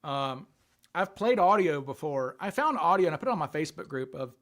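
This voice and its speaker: A man's voice: fairly high pitch, sing-song, a little fast, fairly bright tone. A man hosting a casual livestream, thinking aloud and answering questions from viewer chat. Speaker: livestream host.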